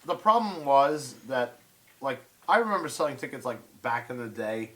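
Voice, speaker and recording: A man's voice: mid-range voice, lively intonation, moderate pace, a bit bright. A man hosting a casual chat, talking loosely and swearing as he rambles. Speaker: host.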